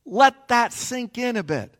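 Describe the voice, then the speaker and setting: Man, pastor, sermon, slow deliberate pace, animated storytelling. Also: very high-pitched. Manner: animated storytelling with playful asides. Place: on a stage platform.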